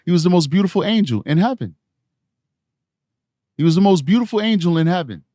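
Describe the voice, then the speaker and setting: A man's voice: sits high, animated, a little fast, warm tone, dry recording, clean studio sound. A man from New York City giving rambling true crime commentary on a live stream, tired from lack of sleep. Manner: rambling, conversational, frequent restarts.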